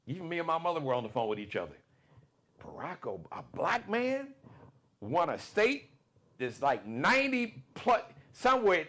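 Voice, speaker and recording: A man hosting a live political commentary show, talking in an emphatic, repetitive monologue that swings between loud bursts and low asides.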